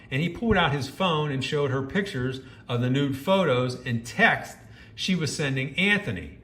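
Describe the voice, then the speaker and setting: A man's voice: medium pitch, bright, forceful tone, echoey room. A man reading a first-person story aloud and breaking off into judgmental, scolding commentary.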